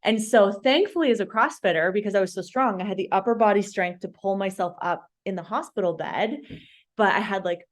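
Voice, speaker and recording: A woman in her thirties tells a personal story as a podcast guest. She talks casually with plenty of animation and laughs at her own misfortunes, and her pitch sits in a middle range. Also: brisk. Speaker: podcast guest, registered dietitian.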